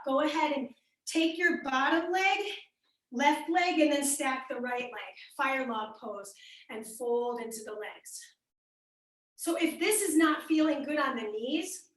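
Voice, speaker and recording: A young woman with a Midwestern accent leading a live workout class, upbeat and encouraging as she cues moves and calls out class members by name. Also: high-pitched. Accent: American Midwestern. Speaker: fitness instructor. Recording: echoey room, voice from far off the mic.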